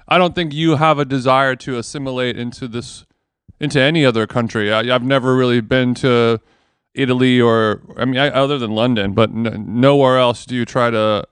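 Smooth-voiced man with dry sarcasm. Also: medium pitch, steady tone, normal speed, dry recording. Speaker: podcast co-host. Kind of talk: casual chat.

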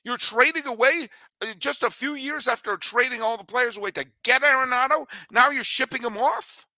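Male baseball talk host, punchy and ranting, very bright tone, dry close sound. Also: very high voice, normal speed, dry recording. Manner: animated, ranting, joking. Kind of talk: energetic sports talk with ad read.

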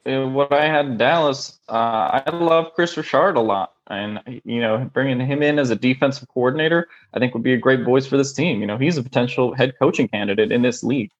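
Man doing a laid-back coach, mid-pitched, muffled lo-fi sound. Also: brisk, few pauses, close to an everyday voice. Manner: casual, lots of "you know". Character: upbeat male football coach candidate. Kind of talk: comedic mock job interview.

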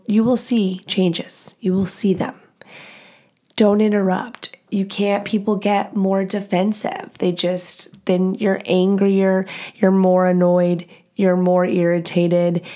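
A young woman hosts her podcast alone, handing out relationship advice in blunt, profane, casual talk. Her voice is mellow and warm, pitched mid-range for a woman. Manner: blunt and profane, fast and animated. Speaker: podcast host.

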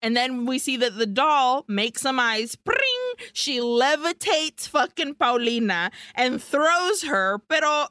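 A woman's voice: high voice, animated, takes it slowly, pushed and bright, clean tone, dry recording, clean studio sound. A woman co-hosting a podcast, casually recapping a film scene by scene and swearing freely. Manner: swears freely, breezy storytelling. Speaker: podcast co-host.

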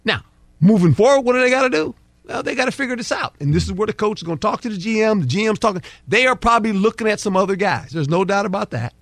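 Animated, high-voiced football analyst man. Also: quick pace, dry recording, studio quality. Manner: emphatic, acts out players and coaches in quoted dialogue; folksy, with plain football talk. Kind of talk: sports talk show breakdown.

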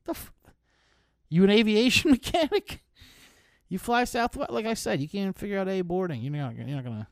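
A man's voice: sits high, animated, moderate pace, no room sound, clean studio sound. A man hosting a podcast, riffing in a casual, profane, comedic storytelling style with frequent laughs. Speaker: podcast host. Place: touring, recorded while traveling.

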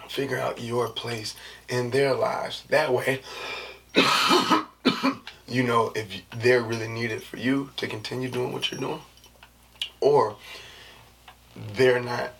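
A man hosting his own podcast, talking in a loose, slangy, rambling way with lots of fillers and a soft, low-key delivery. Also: steady tone, slow, vocal fry, pauses often. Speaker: podcast host. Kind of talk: casual solo podcast chat. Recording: distant mic with faint background noise.

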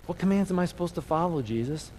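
A man's voice: on the high side, expressive, quick pace, darkish tone, slight background noise, low-quality recording. A male pastor giving a conversational sermon, asking rhetorical questions and calling on the audience to repeat key words after him. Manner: call-and-response, asks audience to repeat words.

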